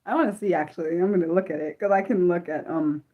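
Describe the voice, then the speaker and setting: A fast-talking woman with a lowish voice hosts an unscripted livestream, captured on dull audio. She reads her chat aloud, responds to it, and vents with frequent swearing.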